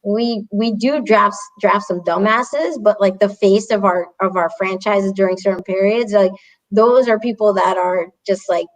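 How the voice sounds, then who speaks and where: A woman co-hosting a casual sports chat, blunt and fast, swearing freely. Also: mid-range voice, fairly even intonation, low-quality recording. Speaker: podcast co-host.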